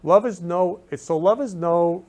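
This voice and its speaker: A man's voice: high voice, unhurried, darkish tone. A man hosting his talk show from his room, speaking effusively and repeating loving phrases with emphatic stress. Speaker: show host. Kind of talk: casual talk show monologue.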